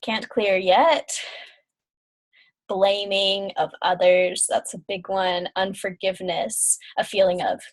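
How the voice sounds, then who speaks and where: A woman's voice: medium pitch, flat delivery, slow. Chatty woman leading a healing session. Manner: chatty, with many fillers and yawns. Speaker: intuitive healer. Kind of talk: guided energy-clearing session.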